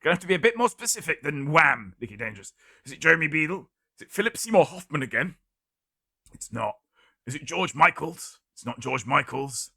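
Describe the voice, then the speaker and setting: Gravelly, sharp-toned man hosting a stream. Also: fairly high pitch, fairly quick, no echo, studio quality. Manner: wry, deadpan joking. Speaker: streamer hosting a guessing game. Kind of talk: live-stream hosting, reading chat guesses.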